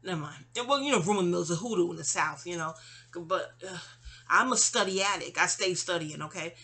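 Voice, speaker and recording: A woman telling a long rambling story in a casual monologue, interrupting herself and acting out quick quoted asides. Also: on the low side, sharp tone, husky. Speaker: channel host venting about neighbors. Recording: audio-only home recording.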